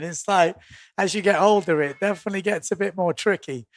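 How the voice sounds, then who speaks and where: A man's voice: high voice, no echo, clean studio sound. A man with an English accent doing live windsurfing commentary, joking and laughing easily between calls. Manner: jokey, laughs easily, quick asides. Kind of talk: live sports commentary and banter.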